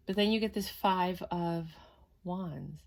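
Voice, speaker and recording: Woman, lowish voice, chatty tarot reader, matter-of-fact, casual filler words. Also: slow pace, vocal fry. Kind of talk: casual tarot reading to camera.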